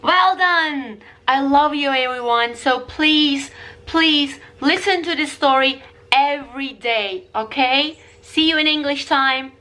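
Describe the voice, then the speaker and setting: A woman English teacher reading a picture story aloud to young learners, slow, clear and expressive. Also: high voice, a little hiss or hum.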